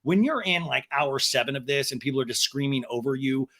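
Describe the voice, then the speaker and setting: A man's voice: mid-range voice, animated, fairly quick, fairly bright tone. A man hosting a podcast, giving comedic recap commentary in a sarcastic, profane way. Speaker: podcast host.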